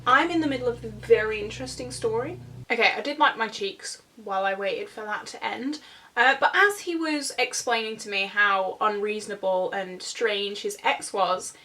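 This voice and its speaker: A woman's voice: medium pitch, normal speed, sharp tone. A woman in her twenties telling a rambling storytime while she does her makeup at home, with plenty of fillers and asides. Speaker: vlogger. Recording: voice a bit distant from the mic.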